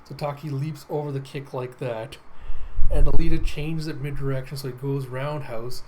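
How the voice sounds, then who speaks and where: A man hosting a casual comic readthrough, excitable and enthusiastic, laughing often. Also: mid-range voice, normal speed, slight background noise, low-quality recording. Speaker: host.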